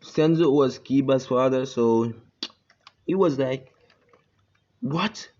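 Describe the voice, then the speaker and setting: A man's voice: mid-range voice, takes it slowly, warm tone. A man casually retelling a fan story, rambling with many fillers and restarts, on a dull lo-fi recording.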